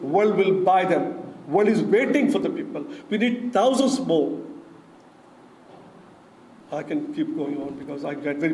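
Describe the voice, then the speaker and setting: A man's voice: sits high, darkish tone, a little hiss or hum. A man, giving an impassioned conference speech as an entrepreneur who pleads and repeats his key words. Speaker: entrepreneur speaker. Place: conference auditorium. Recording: echoey auditorium, mic at a distance.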